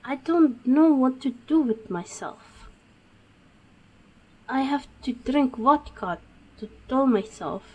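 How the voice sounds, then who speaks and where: Woman doing a troubled young patient in a game, talks real slow, kinda high voice. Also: expressive, lo-fi sound, exaggerated voice. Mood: tense. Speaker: game character. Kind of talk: game dialogue.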